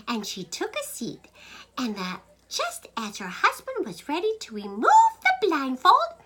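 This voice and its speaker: High, lively woman telling a joke. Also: unhurried, slight background noise. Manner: animated, playful, drops into whispers. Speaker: joke teller, host. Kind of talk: telling a funny story to camera.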